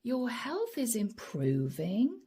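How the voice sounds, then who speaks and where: Woman, middle-aged, tarot reader, mellow, husky, chatty to camera. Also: fairly high pitch, wildly swooping pitch, slow pace. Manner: warm, chatty, addresses viewers directly. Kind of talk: channeled tarot reading to camera.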